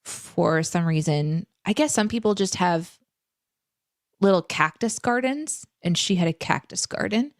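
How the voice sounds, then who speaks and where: A young adult woman co-hosting a casual live stream from home, reading viewer questions and telling stories in an animated, chatty way. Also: fairly low pitch, unhurried, no echo, studio quality. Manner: animated, chatty storytelling with fillers. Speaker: co-host. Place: home room.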